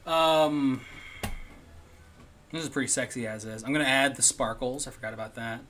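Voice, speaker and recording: Man, stream host; loose rambling chat, giggly, slips into whispers; bright tone, mid pitch. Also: normal speed, a little hiss or hum. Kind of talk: casual live-stream chat.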